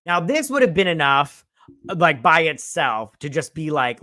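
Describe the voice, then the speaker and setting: A male reviewer talks through an episode with gushing enthusiasm, rambling and cursing casually. His voice is bright and forceful, and the sound is close and dry. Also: a little high, sing-song, unhurried, no room sound. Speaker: show host and reviewer.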